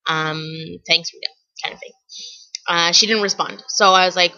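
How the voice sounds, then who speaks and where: A woman's voice: fairly low pitch, fairly even intonation, normal speed, bright, forceful tone, dull audio. A young woman telling funny stories to camera in a chatty vlog, with lots of fillers and restarts. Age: young adult. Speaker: vlogger. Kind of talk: casual storytelling to camera.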